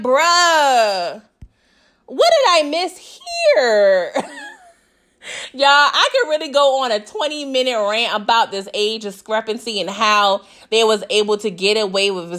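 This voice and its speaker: A woman with a fairly high voice runs through a TV episode in a loose, chatty recap. She laughs often and slips into quick voices for the characters. She keeps checking in with her listeners. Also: fairly bright tone. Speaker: TV recap vlogger. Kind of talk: casual show recap.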